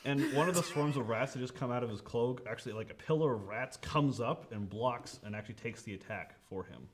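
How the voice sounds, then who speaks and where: A man narrating as game master in a relaxed, hesitant way, often filling pauses with "um". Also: mid-range voice, slight background noise. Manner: relaxed, hesitant, lots of fillers and chuckles.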